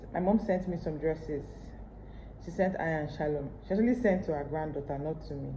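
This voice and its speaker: A woman's voice: deep voice, warm tone, slight background noise. A pregnant woman with a Nigerian English accent, chatting candidly to her camera at home in a casual vlog. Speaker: vlogger. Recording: roomy echo.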